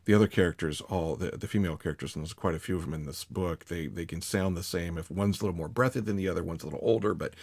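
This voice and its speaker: A man's voice: deep voice, fast, few pauses, darkish tone, no echo. A man talking shop about narrating audiobooks in a casual, rambling chat, with lots of restarts and fillers. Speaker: audiobook narrator, podcast host. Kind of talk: casual conversation.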